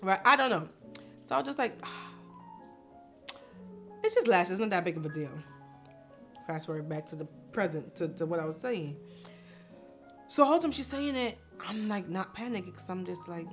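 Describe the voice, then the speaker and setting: A woman's voice: lowish voice, normal speed, long pauses, music in the background. A young woman telling a personal story, laughing and acting out what others said. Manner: animated, laughing, acts out quotes. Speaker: vlog host. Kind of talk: casual storytelling.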